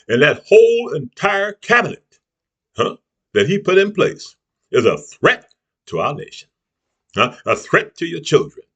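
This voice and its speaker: Man, YouTube commentator, angry preachy rant, husky, lively pitch, frequent "huh?" tags. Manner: preachy, keeps tossing in "huh?" and "you see what I'm saying"; angry, name-calling. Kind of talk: impassioned political rant to camera.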